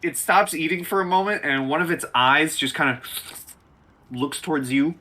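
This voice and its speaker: Male game master, husky and bright, playful descriptive narration with fillers. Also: fairly high pitch, normal speed, low-quality recording.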